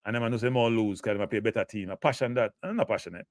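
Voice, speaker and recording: A man's voice: fairly low pitch, racing, no echo, studio quality. A Jamaican man hosting a live football talk show, blunt and emotive, answering chat comments.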